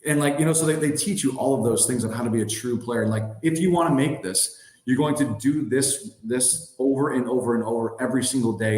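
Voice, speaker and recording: A man's voice: mid-range voice, a little fast, few pauses, a little mellow. A man in his thirties, a former hockey player as a podcast guest, telling stories in a loose, rambling way full of "like" and "you know". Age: 30s. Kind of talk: casual storytelling. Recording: roomy echo.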